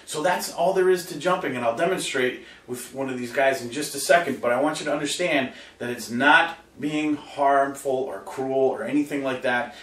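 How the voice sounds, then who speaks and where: A male dog trainer giving an animated lesson to camera and checking in with listeners, often slipping into high voices to quote dog owners. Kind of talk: instructional talk to camera. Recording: roomy sound from a distant mic.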